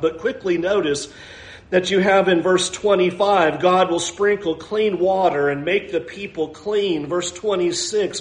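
A man's voice: high-pitched, echoey room. A male pastor preaching a sermon, reading scripture aloud and explaining it verse by verse.

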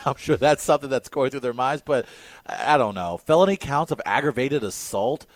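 An animated man co-hosts a sports talk show and punches out his opinions with emphasis. His voice sits at a middle pitch, recorded close and dry in the studio. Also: normal speed, no room sound. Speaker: sports radio co-host.

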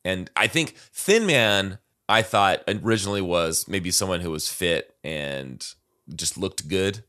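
Speaking at a measured pace, a man with a low, expressive voice sounds pushed and bright, the recording clean. He co-hosts a casual podcast, reading lyrics aloud and breaking them down thoughtfully with lots of fillers.

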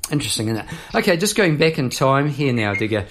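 A man's voice: medium pitch, sing-song, fast talker, a bit bright, a little hiss or hum. A jovial, chatty man hosting a casual video chat, laughing easily. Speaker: host. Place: Melbourne.

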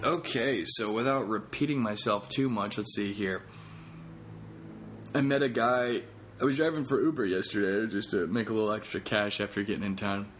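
A man's voice: lowish voice, moderate pace, fairly bright tone, soft background music. A comedian hosting his own podcast, talking in a rambling, jokey, self-deprecating way. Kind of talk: casual podcast monologue.

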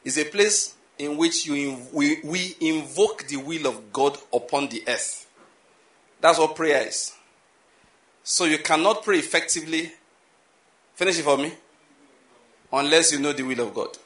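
A man preaches in a voice pitched slightly above the usual and cutting bright. He repeats key lines and throws questions at the congregation. The sound bounces around a roomy, echoing hall. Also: measured pace, long pauses. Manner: animated, repetitive preaching with rhetorical questions. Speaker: pastor. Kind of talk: sermon.

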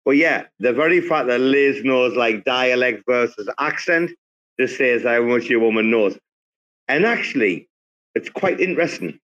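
A man's voice: medium pitch, expressive, moderate pace, fairly bright tone, muffled recording. A man from England hosting a casual group chat, rambling with lots of fillers and restarts. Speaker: host. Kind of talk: casual group chat on a live audio space.

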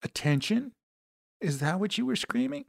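A man's voice: high-pitched, big pitch swings, normal speed, vocal fry, dry recording, voice pushed up, exaggerated voice. A man voicing a cocky, sarcastic male investigator with dry wit.

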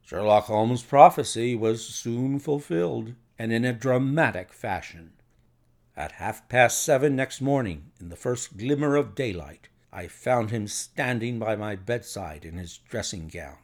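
A man narrating a classic detective story in a measured, expressive reading. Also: mid-range voice. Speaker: audiobook narrator. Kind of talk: scripted narration.

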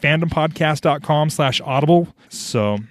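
A man's voice: a little high, measured pace, no room sound. A man hosting a podcast, chatting casually and often restarting his sentences. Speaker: podcast host. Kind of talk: casual chat.

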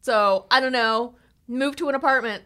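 A woman's voice: fairly high pitch, normal speed, a bit bright. A young woman co-hosting a casual book podcast, chatty and wry, swearing now and then as she recaps the plot. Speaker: podcast co-host. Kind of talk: casual book discussion and read-aloud.

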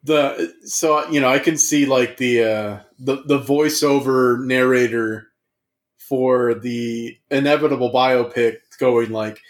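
A man riffing playfully in a loose comedy chat, wandering through his thoughts with frequent restarts. His voice sits at an ordinary middle pitch. The room adds a clear echo. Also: fairly even intonation, slow. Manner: rambling, playful, hesitant restarts. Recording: echoey room.

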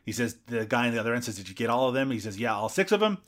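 A man's voice: mid-range voice, big pitch swings, rapid-fire. A man co-hosting a podcast, retelling a movie's plot in casual chat with jokes and asides. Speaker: podcast co-host.

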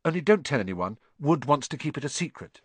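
A man's voice: mid-range voice, big pitch swings, fairly quick, fairly bright tone, husky, dry recording, pitched above the performer's own voice. A man doing a cool young schoolboy. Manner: cool and plain.

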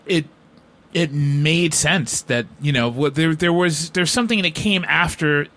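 A man's voice: a little high, a little slow, fairly bright tone. A man co-hosting a movie talk show, dry and skeptical, dismissing hype in casual chat. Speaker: co-host.

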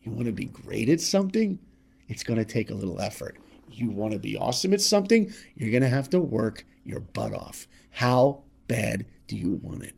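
Husky, animated middle-aged man. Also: medium pitch, brisk. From New York. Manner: animated, acts out voices in his stories. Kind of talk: motivational storytelling.

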